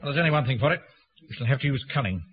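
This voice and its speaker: Blustering, pompous captain. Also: male voice, mid-range voice, lively intonation, rapid-fire, breathy edge, soft background music. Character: pompous middle-aged captain and bank manager. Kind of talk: radio sitcom acting. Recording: muffled, hissy archive broadcast.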